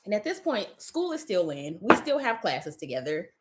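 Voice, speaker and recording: Animated woman telling a story. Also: mid-range voice, moderate pace, heavy background noise. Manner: animated, swears freely, acts out quoted lines. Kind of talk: casual chat.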